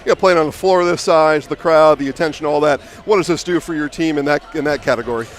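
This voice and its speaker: A man working as a play-by-play announcer, calling the final score loudly and then hosting post-game interviews on a headset mic. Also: a little high, fast. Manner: upbeat, loud calls at the final score.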